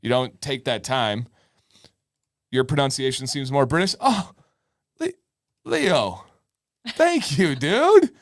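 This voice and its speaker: A man's voice: medium pitch, very animated, takes it slowly, long pauses, no echo, studio quality. A middle-aged man co-hosting a live advice stream, chatting casually and playfully arguing his point. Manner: joking, playfully argumentative. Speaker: podcast co-host.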